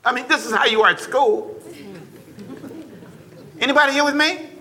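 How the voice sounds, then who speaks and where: A man's voice: very high voice, moderate pace, long pauses, sharp tone, a little hiss or hum. A man preaching a sermon to his congregation, stressing points, repeating phrases and calling on the listeners to answer back. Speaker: pastor. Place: church before a congregation.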